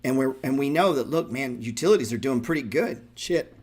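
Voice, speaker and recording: Man, husky, middle pitch, excitable live market commentary, blunt and profane. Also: fairly quick. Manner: excitable, profane, talks to viewers directly. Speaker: stock trading show host.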